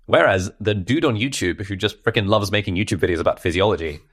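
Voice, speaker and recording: A man's voice: lowish voice, fast talker, a bit bright, no room sound, clean studio sound. A man in his thirties with a British accent, an easygoing interviewer who often restarts his sentences. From United Kingdom. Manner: easygoing, trips over starts. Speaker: interviewer, host. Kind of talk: casual interview chat.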